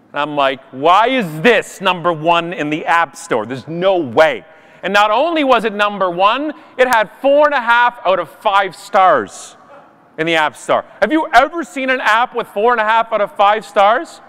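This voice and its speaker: A man giving an animated, jokey conference keynote from a stage. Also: sits high, moderate pace, clear, resonant tone. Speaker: conference speaker. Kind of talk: keynote talk. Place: large conference hall. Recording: long hall reverb.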